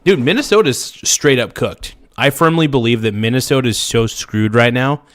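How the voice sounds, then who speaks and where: A man in the middle of a fired-up commentary rant, heated and insistent. His voice sits at an ordinary middle pitch, and he keeps repeating and restating his points. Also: normal speed. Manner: angry, ranting, repeats himself. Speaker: show host reacting to footage.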